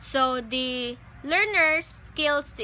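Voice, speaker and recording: A woman's voice: sits high, extremely slow, sharp tone, a little hiss or hum, low-quality recording. A young woman giving a class report, explaining teaching strategies step by step with frequent ums and self-corrections. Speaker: student presenter.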